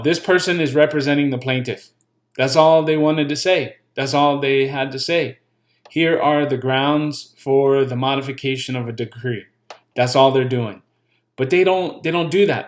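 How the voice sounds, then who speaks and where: A man casually explaining legal paperwork, blunt and joking, repeating his points and swearing now and then. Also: medium pitch. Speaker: channel host giving legal pointers.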